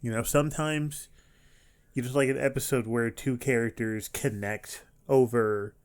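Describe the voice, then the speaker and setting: A man streaming an anime reaction, talking casually and rambling with frequent restarts and animated outbursts. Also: mid-range voice, a little slow.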